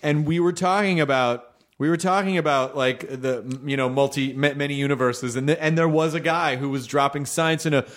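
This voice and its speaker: A man hosting a podcast in casual chat, rambling and joking, quick to laugh. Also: on the high side, fairly even intonation, fairly bright tone. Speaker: podcast host.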